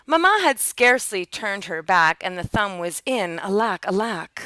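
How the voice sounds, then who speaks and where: A woman reading aloud from a rhyming children's picture book, jumping high and loud for the characters' cries. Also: big pitch swings, normal speed, few pauses, no room sound. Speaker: storyteller.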